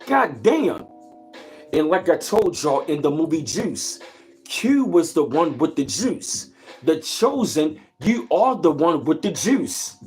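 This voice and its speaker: A man's voice: fairly high pitch, animated, unhurried, darkish tone, soft background music. A man hosting a livestream. He gives a casual, preachy motivational talk, greets his chat and repeats his points. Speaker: livestream host.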